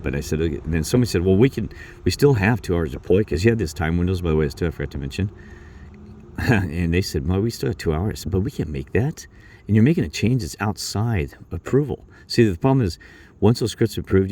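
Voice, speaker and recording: A man telling a rambling work story in casual talk, acting out his coworkers' lines in a higher voice. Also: a little mellow, a little hiss or hum. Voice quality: low gravelly voice. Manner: rambling, acts out coworkers' lines with raised pitch.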